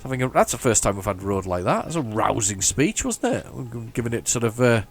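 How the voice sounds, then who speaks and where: A man's voice: mid-range voice, big pitch swings, fast, soft background music. A man giving chatty, mock-heroic commentary while playing a driving game. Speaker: gaming channel host. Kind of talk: casual gameplay commentary.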